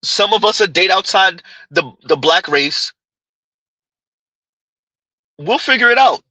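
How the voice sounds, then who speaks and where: A man's voice: high voice, expressive, takes it slowly, pushed and bright, no echo, low-quality recording. A man hosting a live commentary stream, reading comments and ranting emphatically with lots of repetition. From Caribbean descent. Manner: emphatic, repeats phrases, talks to chat directly.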